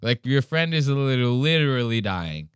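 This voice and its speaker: A man's voice: mid-range voice, very animated, a little fast, clear, resonant tone, no echo, clean studio sound. A young man hosting a podcast, joking crudely and full of slang as he reacts to a video. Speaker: podcast host. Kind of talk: casual commentary on a video.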